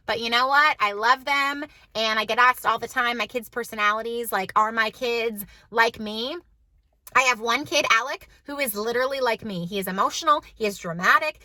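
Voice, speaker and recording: Bubbly bright-voiced mom vlogger. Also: female voice, on the high side, fairly quick, dry recording. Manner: bubbly, emphatic, conversational. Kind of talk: chatty vlog talk to camera. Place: car.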